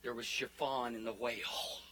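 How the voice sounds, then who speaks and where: A man preaching a sermon as pastor, building to fervent declarations and dropping into soft, hushed prayer. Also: medium pitch, fairly even intonation, normal speed, slight background noise, low-quality recording.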